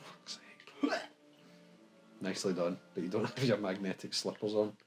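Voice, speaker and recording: Laid-back Scottish male co-host, low pitch, blunt sweary commentary, faint game music behind. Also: steady tone, normal speed, poor audio. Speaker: gaming co-host. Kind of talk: casual let's-play banter.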